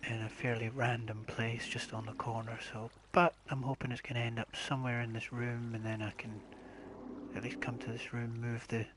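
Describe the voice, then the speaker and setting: A man streaming a building game live, talking himself through his plans in a low-key, methodical way. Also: flat delivery, normal speed, background noise. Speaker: gaming streamer. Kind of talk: live gameplay commentary.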